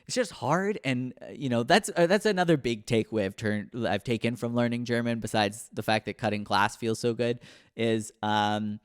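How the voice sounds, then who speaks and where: A man's voice: mid-range voice, moderate pace, clean tone, no room sound, clean studio sound. A man in his thirties hosting a comedy podcast, rambling and self-deprecating, full of fillers and restarts. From United States. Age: 30s. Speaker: podcast host.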